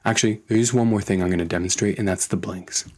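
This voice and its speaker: A man teaching animation in a screen-recorded tutorial, relaxed and thinking aloud as he works. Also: lowish voice, quick pace. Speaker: animation instructor.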